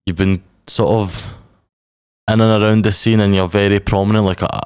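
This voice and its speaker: A man's voice: lowish voice, flat delivery, normal speed, darkish tone, clean tone, no room sound, clean studio sound. A man hosting a casual podcast interview, chatty, often saying "mad". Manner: chatty, says "mad" a lot. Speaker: podcast host.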